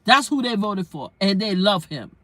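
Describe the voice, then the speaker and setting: A woman's voice: medium pitch, lively intonation, moderate pace, sharp tone, dry recording. A woman live-streaming from inside her car, delivering a heated rant in a blunt, emphatic way and hammering her points with repetition.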